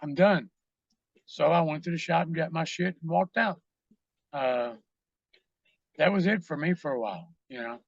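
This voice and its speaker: A man's voice: on the high side, moderate pace, long pauses, dry recording, muffled recording. A man, a podcast guest, telling rambling, profane stories full of fillers in a casual interview.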